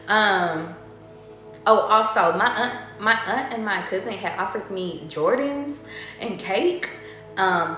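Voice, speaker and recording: Chatty tarot reader in echoey room. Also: female voice, mid-range voice, fairly bright tone. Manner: rambling, swears freely, laughs often. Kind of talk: casual chat. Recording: very echoey room, faint music behind.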